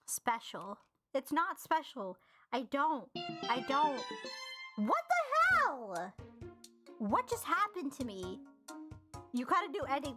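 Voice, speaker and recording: A young woman streamer reading a game's text aloud, then reacting with sarcastic, exasperated outbursts and swearing. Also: high-pitched. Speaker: streamer playing a visual novel.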